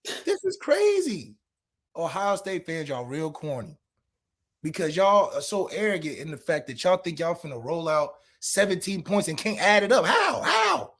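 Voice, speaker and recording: A man co-hosting a sports podcast, ranting and trash-talking with sarcastic rhetorical questions and sometimes shouting. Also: sits high, very animated, normal speed. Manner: shouts at peaks. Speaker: podcast co-host.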